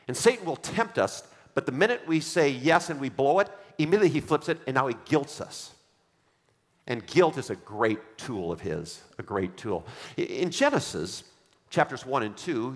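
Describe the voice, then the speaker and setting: A man's voice: mid-range voice, fairly bright tone. A man preaching a sermon as pastor, emphatic, repeating his refrains and having the congregation read along. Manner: leads the congregation in reading aloud. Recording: long hall reverb.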